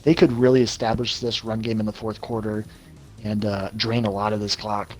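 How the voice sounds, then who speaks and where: A man's voice: on the low side, level tone, moderate pace, darkish tone. A man doing color commentary for a video football game, breaking down coverage and matchups on a cheap microphone. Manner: analytical, explains coverage and matchups.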